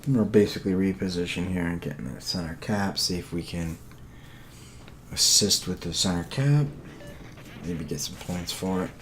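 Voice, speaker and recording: Narrating a replay of his own game, this very deep-voiced man speaks in a loose, hesitant way full of fillers like "uh" and "um." Tiredness shows, including yawns, and constant background hiss sits under everything he says.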